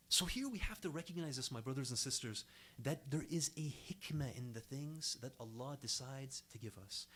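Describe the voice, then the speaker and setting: A man's voice: medium pitch, expressive, normal speed, fairly bright tone. A young man giving a sermon to a congregation in an earnest, emphatic way, his voice rising and dropping sharply to stress each point. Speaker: speaker at an Islamic center.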